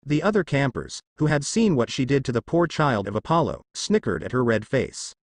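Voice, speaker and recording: Expressive man reading fan fiction. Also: mid-range voice, moderate pace, no room sound. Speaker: narrator.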